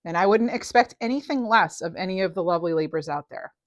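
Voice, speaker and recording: A woman's voice: fairly low pitch, fast, dry recording. Chatty woman tarot reader, dry close sound. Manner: chatty, animated, with many fillers and restarts. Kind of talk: casual tarot reading to camera.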